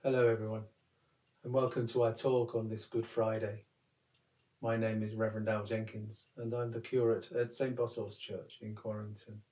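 A man who is a curate, giving a calm, reflective talk that tells a personal story. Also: fairly low pitch, moderate pace, echoey room, recorded from a distance. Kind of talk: recorded sermon talk.

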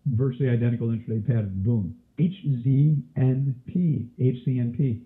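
Male trading instructor, mid pitch, a cough and a scratchy throat, quizzing style, tinny webinar audio. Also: normal speed. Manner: quizzes listeners with frequent questions. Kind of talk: live webinar teaching.

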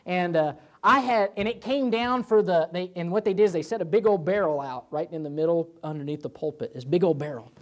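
A pastor leading a church Bible study, talking in a loose, chatty way. He stumbles through restarts and fillers, then jumps into lively little asides when he acts out a prayer or a thought. The result is relaxed and animated rather than a polished sermon. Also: high voice, fairly quick, few pauses. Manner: conversational, with many fillers and restarts; animated, voices God and himself in asides.

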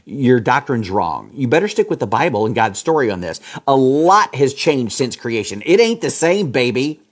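A husky-voiced man preaches a fiery sermon. He swings from loud, high peaks down to low, muttered asides. His voice sits in a middle pitch. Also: big pitch swings, normal speed. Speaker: pastor.

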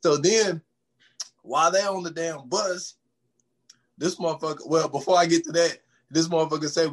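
Male podcast co-host, high-pitched, acts out scenes while recapping films. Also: normal speed, long pauses. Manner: animated storytelling, acts out scenes, laughs often. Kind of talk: casual movie recap chat.

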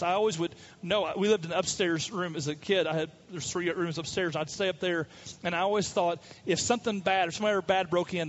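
A man's voice: high voice, dull audio, a little hiss or hum. A man pastor preaching a sermon in a conversational way, with stories from his own family. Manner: conversational preaching with personal anecdotes.

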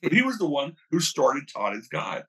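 An older man, a former wrestling promoter, telling animated stories in a casual interview, acting out the people he quotes. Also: on the high side, normal speed, husky. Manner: animated storyteller, acts out quoted voices.

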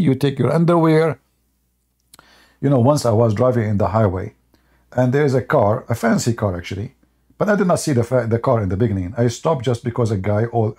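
A man hosts a debate show in a loose, mocking monologue, drifting into long personal anecdotes. His voice is husky and raspy, with a dark, mellow tone. He chuckles often as he talks. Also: fairly low pitch. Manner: rambling anecdotal storytelling.

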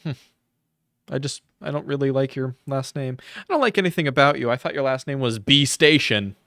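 A man's voice: mid-range voice, fairly quick, fairly bright tone, dry recording, clean studio sound. Mocking, profane man ranting sarcastically. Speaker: commentary YouTuber reacting to a video. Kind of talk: sarcastic reaction commentary.

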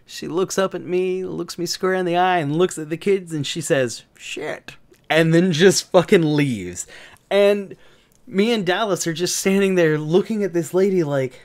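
A man's voice: sits high, normal speed. A man from the American South telling a story, crude and joking, rambling with many fillers. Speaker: gaming channel host. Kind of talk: casual storytelling.

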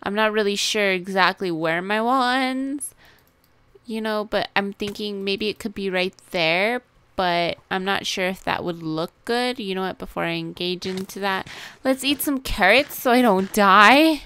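A woman's voice: mid-range voice, unhurried, bright, forceful tone, smooth. A young woman chatting casually as she plays a video game, talking to the animals and giggling often. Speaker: gaming video host. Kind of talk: casual gameplay commentary.

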